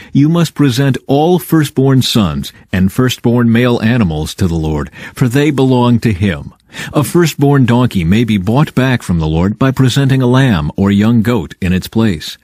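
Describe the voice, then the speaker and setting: A man reading scripture aloud in an expressive, lilting way. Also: medium pitch, dry recording, clean studio sound. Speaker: Bible reader.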